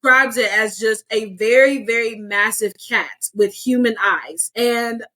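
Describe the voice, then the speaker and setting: Brief: female book podcast co-host, enthusiastic, slightly high voice. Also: a little slow. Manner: enthusiastic, expressive reader's reactions. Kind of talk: casual book discussion.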